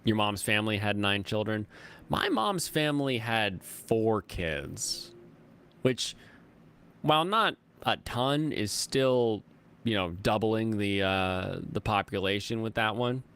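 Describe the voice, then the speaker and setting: Slow and smooth in delivery, this man hosts a relaxed livestream where he reads viewer comments and chats in a rambling, lively manner, laughing often and shooting up high in pitch when excited.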